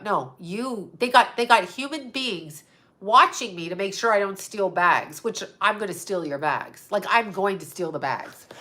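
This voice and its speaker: A woman's voice: mid-range voice, bright, forceful tone. A middle-aged woman hosting her own channel, ranting angrily and sarcastically to her viewers and swearing often. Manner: angry, profane, sarcastic ranting. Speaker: psychic medium and channel host.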